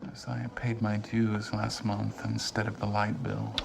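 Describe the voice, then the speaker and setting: A restless, brooding young son. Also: male voice, lowish voice, completely flat delivery, gravelly, background noise. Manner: brooding, halting, bitter. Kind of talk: film drama acting.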